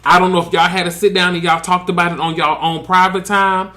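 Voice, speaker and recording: A chatty man with a slightly high voice recaps a reality episode. He is sassy and talks right at the cast members as if they can hear him. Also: flat delivery, fairly quick, pushed and bright. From US Gulf Coast, near Pensacola. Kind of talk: casual commentary recap.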